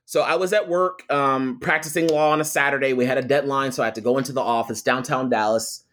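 A young adult man, a guest telling a personal story with lively quoted voices. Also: medium pitch, fast talker, a little hiss or hum. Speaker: guest, photographer and attorney. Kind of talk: storytelling in a podcast interview.

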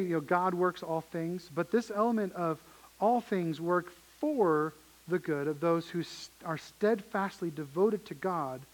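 A man's voice: high voice, low-quality recording. A man preaching a sermon as pastor, earnest and emphatic, often repeating his phrases.

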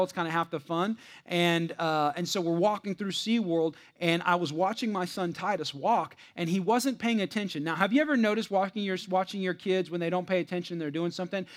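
A man, preaching a sermon to a crowd. He swings from loud shouting down to a hush and puts questions to the listeners. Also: sits high. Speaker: pastor.

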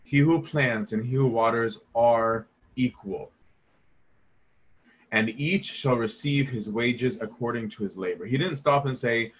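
A man with a husky, slightly breathy voice leads a conversational Bible study. He keeps turning to his listeners with rhetorical questions and slips into the voices of the people he quotes. His pitch sits in an ordinary middle range for a man. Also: a little slow. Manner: asks the audience rhetorical questions.

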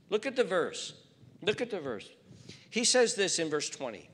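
A man's voice: sits high, big pitch swings, a little slow. Fervent male preacher in echoing hall. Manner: emphatic, building from quiet to fervent. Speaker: pastor. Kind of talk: sermon.

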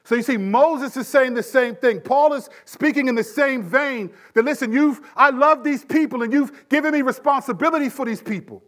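A man preaching a conversational Bible-teaching sermon, emphatic, dropping to hushed tones to stress serious points. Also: extremely high pitch, moderate pace, few pauses.

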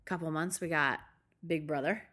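A woman's voice: low voice, fairly even intonation, moderate pace, a bit bright. A young adult woman co-hosting a podcast in casual chat, teasing and bantering. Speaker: podcast co-host.

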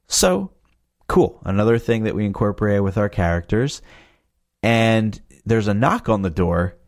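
Low-voiced man chatting casually. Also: normal speed. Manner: rambling, loose and chatty, full of fillers like "you know". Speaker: podcast creator. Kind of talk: casual chat.

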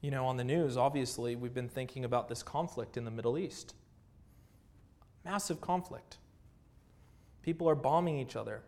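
Earnest pastor preaching. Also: male voice, mid-range voice, normal speed, pauses often, darkish tone. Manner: earnest, rhetorical questions and repetition. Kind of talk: sermon.

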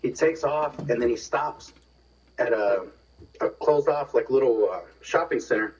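A man's voice: mid-range voice, unhurried, background noise. A man casually telling a long rambling story, repeating words and swearing as he goes. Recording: distant, dull radio phone-in sound.

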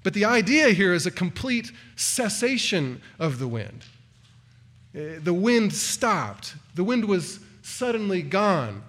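Earnest preacher, a man with higher pitch. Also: big pitch swings, slow, a bit bright. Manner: earnest, builds emphasis on quoted cries; occasional restarts and stumbles. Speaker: pastor. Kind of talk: expository sermon.

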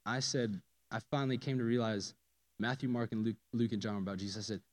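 A man giving a casual, animated personal testimony to a church audience, swinging from loud emphasis to hushed asides. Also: lowish voice, quick pace. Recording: long reverb of a large hall.

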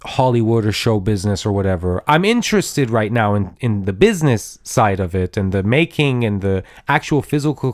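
A man co-hosting a podcast in casual chat, rambling and halting with many restarts and fillers. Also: medium pitch, dry recording, studio quality. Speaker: podcast co-host.

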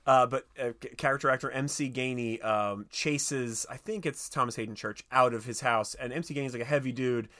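A man's voice: mid-range voice, fairly quick, pushed and bright. A man co-hosting a podcast, chatting about movies in a rambling, jokey, crude way. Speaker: podcast co-host. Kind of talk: casual movie chat.

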